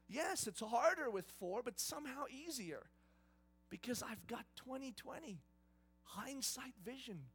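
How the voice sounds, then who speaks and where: A man preaching a sermon in an emphatic style, swinging between hushed and loud delivery. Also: extremely high pitch, big pitch swings, unhurried, breathy edge. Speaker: pastor.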